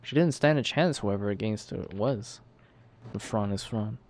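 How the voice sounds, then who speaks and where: A man's voice: fairly low pitch, normal speed, a little mellow. A man reading a story game's dialogue and inner thoughts aloud in an earnest, reflective way. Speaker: gamer voicing a story game.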